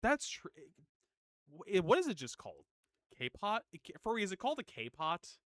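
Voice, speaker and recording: A man's voice: sits high, wildly swooping pitch, moderate pace, a bit bright, dry recording, studio quality. A man hosting a game stream, chatting playfully and laughing often. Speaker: streamer host. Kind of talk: casual chat on a game stream.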